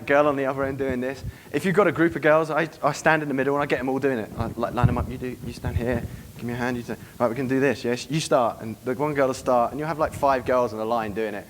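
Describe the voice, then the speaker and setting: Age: adult. Sex: man. Pace: fast. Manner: brisk, swearing. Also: medium pitch, a little hiss or hum. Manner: brisk, swearing, acts out club scenes. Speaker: dating coach giving a seminar. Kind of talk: live seminar talk to an audience. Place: room with a live audience.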